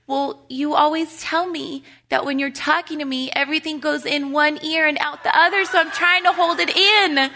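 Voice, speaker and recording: A woman's voice: sits high, fairly even intonation, normal speed, few pauses, sharp tone, voice pushed up. Woman doing a sweet little boy. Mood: sweet earnest.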